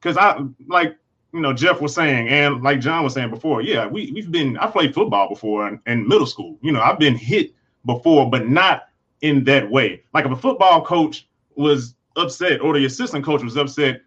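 A man with a bright, forward voice gives his view as a panelist in a casual online discussion. His audio sounds dull and lo-fi, and he explains his points earnestly. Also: mid-range voice, expressive, normal speed, slightly rough.

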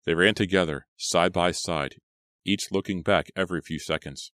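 A man reading a horror audiobook in a steady, measured storytelling manner. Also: sits low, dry recording, studio quality. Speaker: audiobook reader. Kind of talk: scripted horror audiobook narration.

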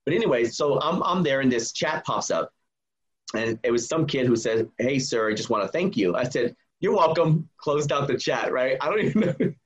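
A man who travels as a public speaker, telling earnest stories in a podcast interview and acting out the dialogue with lively energy. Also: medium pitch, normal speed, slightly rough, highs cut off. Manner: earnest, animated retelling with quoted dialogue. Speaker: guest, touring public speaker.

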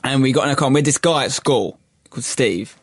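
A man from England, a podcast guest telling a story in casual chat, animated and laughing as he goes. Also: medium pitch, fast, breathy edge, dry recording.

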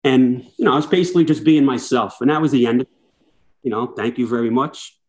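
Middle-aged male firefighter guest, mid-pitch, chatty storyteller who plays out the people he quotes. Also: fast talker. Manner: lively anecdotes, acts out quoted dialogue. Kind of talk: casual storytelling chat.

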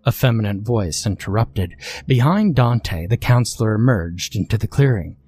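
A man narrating a scripted horror story in a steady, measured way. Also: fairly low pitch, husky.

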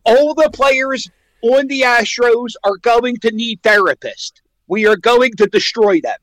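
A man's voice: very high-pitched, measured pace, a bit bright, dry recording, low-quality recording. A man calling in to a radio show as a sports fan, trading brash, boastful trash talk. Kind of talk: radio call-in banter.

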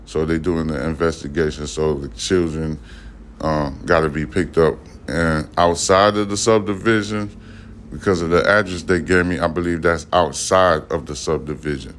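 A man's voice: very deep voice, steady tone, moderate pace, a bit bright, a little hiss or hum. A man hosting a podcast, reading news headlines and riffing on them in a rambling, conversational way with frequent profanity. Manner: reads headlines aloud then riffs on them. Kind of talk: casual news commentary.

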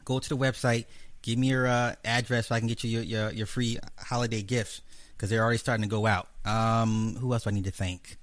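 A man's voice: mid-range voice, little pitch movement, a little fast, no room sound. Guy hosting a stream, blunt and cussing, rambles on, dry close sound. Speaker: host. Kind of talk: livestream debate wrap-up.

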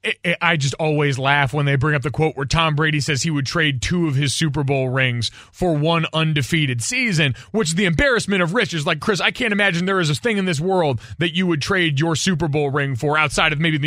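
A young man co-hosting a sports radio show, chatting in a quick, wry way. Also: fairly high pitch, sharp tone, no room sound, clean studio sound. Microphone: studio microphone.

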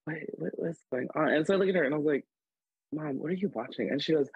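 A man guest on a podcast, chatting casually and telling animated stories full of "like"s. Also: a little high, fast talker, breathy edge, dry recording, muffled recording. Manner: animated, filler-heavy storytelling with many "like"s. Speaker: podcast guest, drag performer. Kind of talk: casual storytelling chat.

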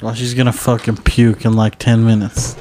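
A man's voice: mid-range voice, flat delivery, moderate pace, dark tone, a little hiss or hum. A man on a comedy podcast, talking bluntly and swearing. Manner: blunt, profane. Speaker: podcast co-host. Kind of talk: casual chat.

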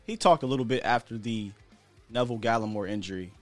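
A man's voice: fairly low pitch, fast talker, faint music behind. An American man hosting a sports podcast, talking in a chatty, candid way with slang and the odd chuckle. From United States. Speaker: podcast host. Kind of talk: casual sports talk commentary.

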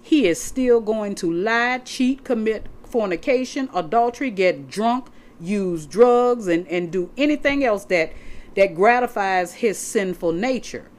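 A woman delivers a sermon in a very lively voice, her pitch climbing and falling as she presses each point. She reads scripture aloud from her notes, explains it to the saints, and says key words again and again for emphasis. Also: unhurried. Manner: emphatic, repeats words for stress, addresses listeners as saints. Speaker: preacher.

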